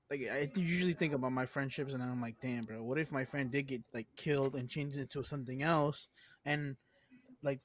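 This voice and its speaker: A man's voice: medium pitch, dry recording. Earnest, rambling young man, dry sound. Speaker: podcast co-host. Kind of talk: casual podcast chat.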